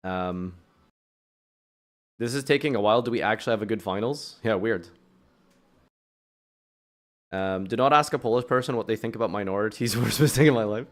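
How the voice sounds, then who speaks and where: A man's voice: fairly low pitch, moderate pace, pauses often. Chatty sarcastic British male streamer. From United Kingdom. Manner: chatty, sarcastic, swears casually. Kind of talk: casual chat with chat while playing.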